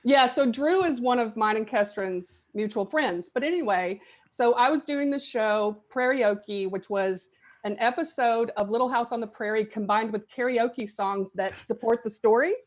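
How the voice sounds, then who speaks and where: Lively middle-aged woman telling a story. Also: fairly high pitch, moderate pace. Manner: lively storytelling with frequent laughs. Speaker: guest actress. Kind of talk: podcast interview chat.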